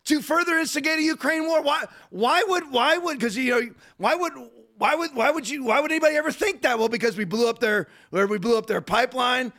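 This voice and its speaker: Male podcast host, very high-pitched, bright pushy tone, rhetorical rants. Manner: rapid, digressive, rhetorical ranting. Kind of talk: political commentary.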